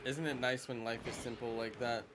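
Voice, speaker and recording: A man's voice: mid-range voice, steady tone, fairly quick, background noise. A man chatting casually and joking with his viewers while he plays a video game live, rambling from one silly aside to the next. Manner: joking, rambling, chuckles at own jokes. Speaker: streamer. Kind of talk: casual live-stream chat while gaming. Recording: game music behind the voice.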